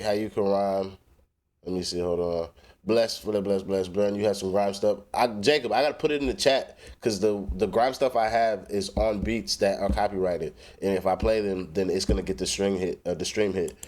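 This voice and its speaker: A man's voice: on the low side, fairly even intonation, normal speed, darkish tone. A man, a rapper hosting a late-night livestream, chatting loosely and answering his viewers' messages with casual swearing. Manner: loose, profane, reads and answers chat aloud.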